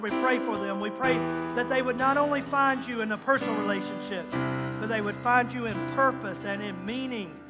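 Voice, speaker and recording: A male pastor closing a church service with a gentle chorus, then leading a fervent prayer. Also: very high voice. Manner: soft sung-spoken phrases, rising to fervent prayer. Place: church sanctuary. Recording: long church reverb with guitar music.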